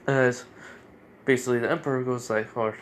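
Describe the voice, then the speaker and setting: A man's voice: mid-range voice, steady tone, a little fast, slight background noise. A man casually narrating an improvised fan story, rambling with fillers and self-corrections.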